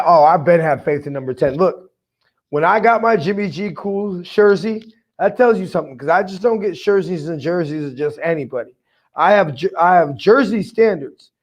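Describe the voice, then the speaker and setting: Male podcast host, fan energy, hyped and heartfelt, a touch higher voice. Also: lo-fi sound. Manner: excitable, hyped, emotional. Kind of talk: casual fan podcast commentary, reading viewer comments.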